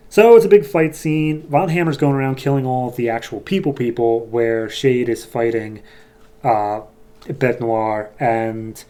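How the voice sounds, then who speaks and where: A man's voice: medium pitch, warm tone. A man hosting a casual comic book review, rambling along with frequent fillers and a light, jokey tone. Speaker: podcast host.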